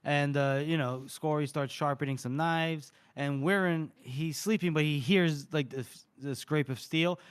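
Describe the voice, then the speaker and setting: A man with a somewhat high voice chats casually on a podcast, recapping a novel. He slips into quoted dialogue and laughs often as he goes. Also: normal speed, hardly any pauses, clean tone. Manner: animated, acts out characters' lines with laughter. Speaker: podcast co-host. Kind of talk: casual book discussion, retelling scenes.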